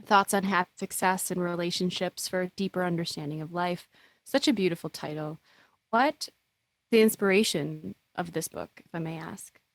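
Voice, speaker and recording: Low-pitched woman hosting, dry and close. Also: normal speed, no echo. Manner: effusive, admiring. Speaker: podcast host. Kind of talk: enthusiastic interview questions.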